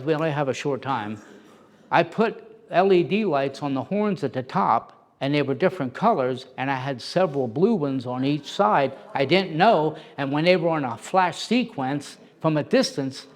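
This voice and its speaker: Man who plays Santa, lively anecdote teller with a slightly high voice; acts out the other people in his story. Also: moderate pace. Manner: animated, acts out quoted voices. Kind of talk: casual anecdote telling.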